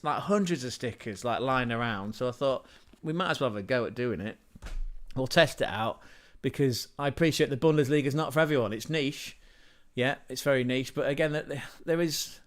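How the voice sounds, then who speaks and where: Rambling, scatterbrained male streamer. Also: mid-range voice. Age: adult parent. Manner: scatterbrained, digressive, self-deprecating, frequent restarts and chuckles. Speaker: channel host and livestreamer. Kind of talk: casual rambling livestream chat.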